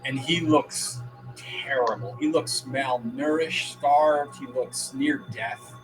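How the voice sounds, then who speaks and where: A man serves as game master, describing the scene at a slow, deliberate pace. His storytelling is unhurried and descriptive. Music plays clearly in the background. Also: medium pitch, poor audio. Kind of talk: narrating a tabletop game. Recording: music playing behind.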